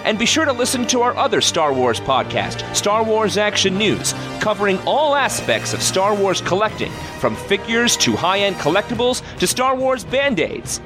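A man reads podcast credits and a legal disclaimer, brisk and promotional. His voice sits high and bounces up and down. Music plays clearly under him. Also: sing-song. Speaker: podcast announcer.

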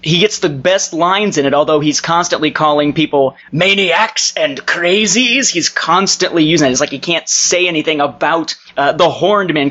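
A man's voice: a little high, a bit bright. Analytical man on lo-fi audio. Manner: analytical, rambling with fillers. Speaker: podcast co-host. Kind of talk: casual discussion.

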